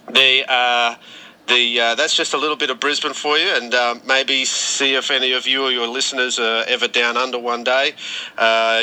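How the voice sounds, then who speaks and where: Australian male caller, low and very bright tone, halting delivery with frequent fillers. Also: slight background noise, low-quality recording. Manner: hesitant, many ums and restarts. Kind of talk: casual phoned-in message.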